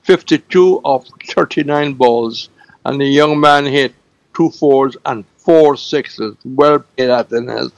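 A man presenting cricket scores on a radio show, halting, with many fillers, repeating figures slowly. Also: medium pitch, gravelly, no room sound, dull audio. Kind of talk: radio sports news segment.

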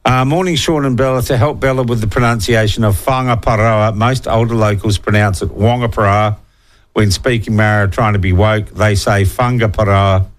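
A man's voice: fairly low pitch, fairly even intonation, fairly quick, few pauses. Man, new zealand accent, talkback radio host, blunt, opinionated, studio mic. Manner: blunt and opinionated, sarcastic asides. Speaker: radio talk show host. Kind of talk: talkback radio chat reading listener texts.

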